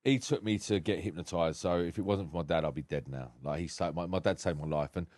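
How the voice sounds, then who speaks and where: A man's voice: deep voice, fast, darkish tone, dry recording. A man, a podcast guest recounting his life frankly and with feeling, swearing freely. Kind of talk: candid personal storytelling.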